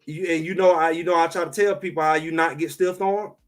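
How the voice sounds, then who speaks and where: A man co-hosting a sports talk show in casual, emphatic chat, trash-talking and animated. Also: fairly high pitch, quick pace, faint music behind.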